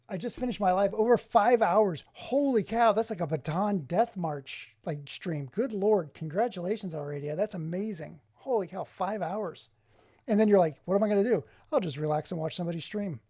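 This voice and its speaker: Mellow-voiced excitable male streamer. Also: sits high. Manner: excitable, exclaims often, chats with viewers by name. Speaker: streamer showing his game collection. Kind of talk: casual live-stream chat. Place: home office.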